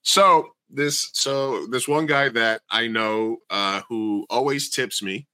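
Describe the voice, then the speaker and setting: Podcast co-host, male, bright and crisp, dry close sound, animated storyteller who curses a lot. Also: medium pitch, slow, no echo. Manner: animated storyteller, swears freely, acts out quoted people. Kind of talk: casual storytelling chat.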